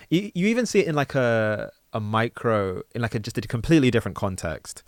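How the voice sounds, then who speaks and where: Male podcast host, London accent, animated chat, dry studio sound. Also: medium pitch, fast talker, few pauses, no echo. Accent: London English. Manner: animated, acts out quoted people. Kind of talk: casual conversation.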